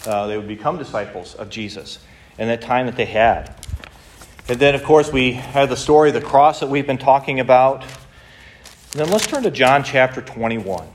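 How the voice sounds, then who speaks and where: A man preaching a sermon, retelling a story in a lively way, acting out the quotes, with many restarts. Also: medium pitch, normal speed, a little hiss or hum. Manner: animated storytelling with frequent restarts and acted-out quotes. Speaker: pastor.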